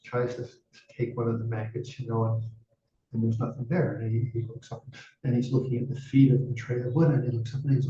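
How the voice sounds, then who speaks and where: A man's voice: medium pitch, flat delivery, fast, warm tone. A male Buddhist teacher telling a dharma story in a casual, chatty way, full of "you know" asides. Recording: roomy, distant, dull sound.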